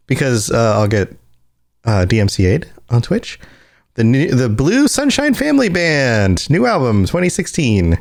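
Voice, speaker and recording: A man co-hosting a casual podcast, laughing often as he browses and reacts out loud. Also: mid-range voice, normal speed. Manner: laughs often, animated, browses online while talking. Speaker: podcast co-host.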